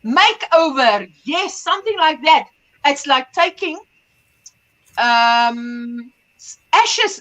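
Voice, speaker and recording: A woman hosting a casual craft livestream, chatting warmly and greeting viewers by name. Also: high-pitched, lively intonation, takes it slowly, poor audio. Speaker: livestream host.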